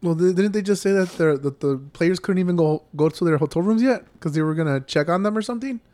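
A man's voice: sits high, a little mellow. A man co-hosting a podcast, giggly and laughing along in casual chat. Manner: laughing, giggly, quick restarts. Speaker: podcast co-host.

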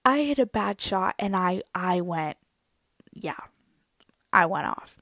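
Animated young woman telling a story. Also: on the low side, slow, no room sound. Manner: animated, dramatic, self-mocking storytelling. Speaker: vlogger. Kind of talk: casual storytelling to viewers.

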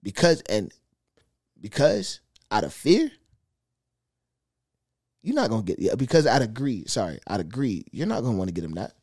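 A man's voice: lowish voice, moderate pace, long pauses, dry recording, clean studio sound. A man co-hosting a casual podcast chat, arguing his point with energy and acting out quoted voices. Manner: animated, argumentative, acts out quoted speech. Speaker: podcast co-host.

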